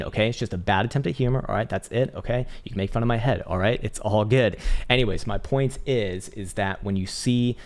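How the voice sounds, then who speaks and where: A man with a low, gravelly voice walking through market charts in a loose, rambling way. He fills pauses with ums and uhs and drops the odd swear word as he talks through the numbers. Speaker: crypto market analyst host. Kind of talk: casual chart analysis commentary.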